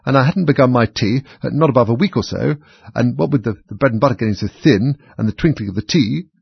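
A man voicing a nervous hatter who stammers and trembles, in a husky voice. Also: medium pitch, sing-song, a little fast, no room sound, lo-fi sound, pitched above the performer's own voice. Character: nervous fussy male hatter, easily frightened.

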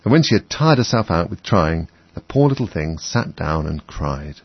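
A man's voice: sits low, very animated, moderate pace, slightly rough, no room sound. A man narrating a children's storybook expressively as an audiobook, on a dull, dry recording.

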